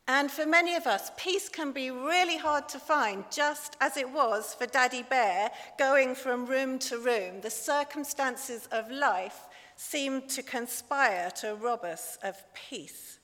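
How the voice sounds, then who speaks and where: A woman's voice: high-pitched, slow pace, a bit bright. Chatty woman preaching in church. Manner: chatty, self-deprecating humour. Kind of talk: sermon. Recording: long church reverb.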